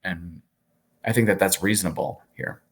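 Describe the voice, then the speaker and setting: A man who is an attorney, speaking as an interview guest, candid and animated with frequent fillers. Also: low-pitched, normal speed, husky.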